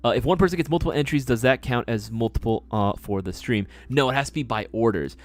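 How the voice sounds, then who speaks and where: A man's voice: medium pitch, fast. A man hosting a live stream, chatting casually, swearing and ranting with exasperation.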